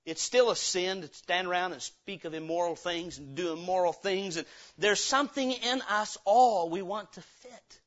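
A man, a pastor, preaching a sermon with rhetorical questions and sudden swings from hushed to loud. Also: high-pitched, normal speed, muffled recording.

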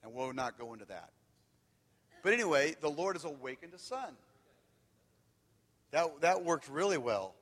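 A man preaching, telling candid stories that swing from loud and animated to quiet and hushed. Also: on the high side, normal speed, long pauses. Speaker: pastor. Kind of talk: sermon. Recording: long hall reverb.

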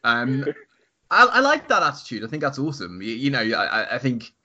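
A man hosts the interview in a bright, forceful voice, stumbling over repeated words as he builds each question. His pitch sits in an ordinary middle range. The audio is somewhat dull and lo-fi, like a remote recording. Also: huge pitch swings. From United Kingdom. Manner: halting, repeats words when starting questions. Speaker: podcast host. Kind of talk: casual interview.

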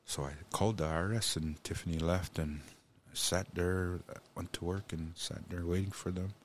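A man recounting a personal story, halting and restarting often, speaking of God and blessing. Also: low-pitched, fairly even intonation, slight background noise. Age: adult parent. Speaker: guest.

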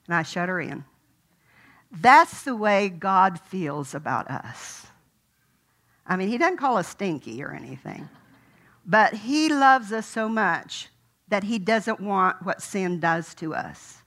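A woman's voice: medium pitch, expressive, takes it slowly, fairly bright tone. An older woman preaching a sermon in a folksy, conversational way, telling a personal story.

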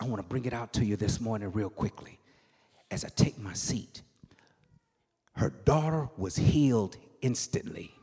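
Husky-voiced preacher with dramatic shouts. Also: male voice, mid-range voice. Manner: dramatic swings from hushed to shouted, singsong cadence. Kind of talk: sermon. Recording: long hall reverb.

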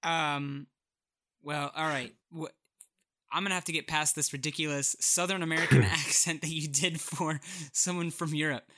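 Male podcast host, bright and a bit high, rambling casual talk. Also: steady tone, normal speed. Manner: rambling, loose sentences. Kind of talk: casual chat.

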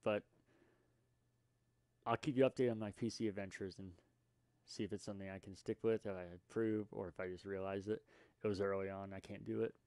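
A man's voice: fairly low pitch, fairly even intonation, a little fast, pauses often, darkish tone, clear, resonant tone, no room sound. A young man hosting a casual solo podcast, rambling and self-deprecating with lots of fillers and restarts. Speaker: podcast host.

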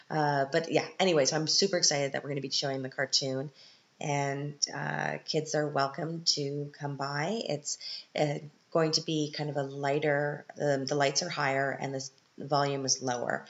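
Low-voiced chatty woman podcaster. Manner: chatty, upbeat, self-deprecating humor. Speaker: podcast host and parent. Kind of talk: casual solo podcast chat. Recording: slightly muffled lo-fi audio.

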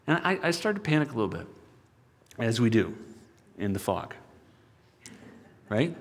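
A male pastor preaching a sermon, telling a personal story and swinging from loud appeals to hushed asides. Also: lowish voice, animated, moderate pace, pauses often. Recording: long hall reverb.

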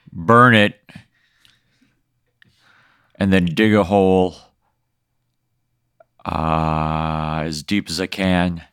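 Low-voiced man thinking aloud, dry. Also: a bit bright, smooth, dry recording. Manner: deliberate, thinking aloud with hesitations. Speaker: podcast guest. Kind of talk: casual improvised conversation.

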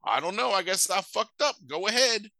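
A man's voice: sits high, expressive, normal speed, sharp tone, no room sound, voice pushed up, full character voice. A man voicing an easygoing small-town sheriff who shrugs things off. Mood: shrugging.

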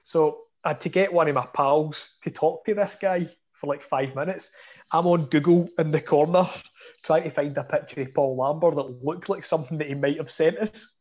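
A man's voice: fairly high pitch, normal speed, a little mellow. A young Scottish man telling a story in a chatty, self-mocking way. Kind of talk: casual storytelling. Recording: dull lo-fi audio.

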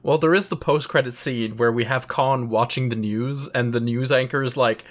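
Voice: mid-range voice, fairly even intonation, normal speed, few pauses. Laid-back young podcast co-host recapping. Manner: laid-back recapping, laughs at own jokes. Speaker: podcast co-host summarizing episodes. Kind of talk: casual chat and episode recap.

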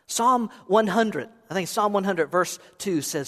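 A man's voice: high voice, lively intonation, a little slow, hardly any pauses, bright, forceful tone. A middle-aged man preaching a sermon as pastor, conversational and playful, asking his listeners questions. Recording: reverberant hall sound.

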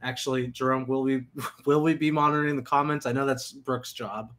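A man's voice: medium pitch, steady tone, a little fast, fairly bright tone, a little hiss or hum. Joking man hosting a casual chat. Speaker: podcast host.

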